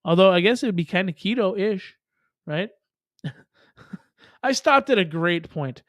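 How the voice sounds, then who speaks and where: A man's voice: high-pitched, expressive, slow, dry recording. A man hosting a casual livestream, rambling with profane jokes and laughing asides. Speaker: livestream host.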